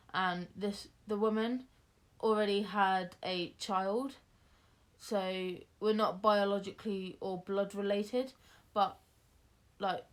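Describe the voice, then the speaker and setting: A young woman answering viewer questions in a relaxed, chatty vlog. She talks at an unhurried, slow pace and wanders through her answers with plenty of fillers, her pitch sitting in a middle range. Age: young adult. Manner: chatty, rambling with many fillers. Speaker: vlogger. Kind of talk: casual Q&A chat.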